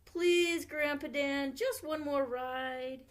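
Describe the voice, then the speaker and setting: A woman's voice: sits high, slow pace, pitched above the performer's own voice. A woman voicing an eager little girl in a read-aloud picture book, pleading and squealing.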